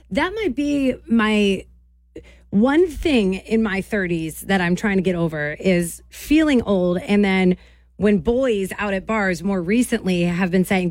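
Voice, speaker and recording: A woman's voice: mid-range voice, unhurried, no echo. A woman in her thirties hosting a morning radio show, brash and teasing, laughing often. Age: 30s. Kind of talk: morning radio chat and fair interviews. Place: Maine.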